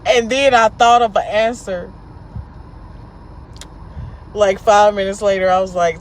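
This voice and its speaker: A woman vlog host telling the story of a bad date in a blunt, profane, animated way, recorded inside a car. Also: mid-range voice, measured pace, long pauses, a little hiss or hum.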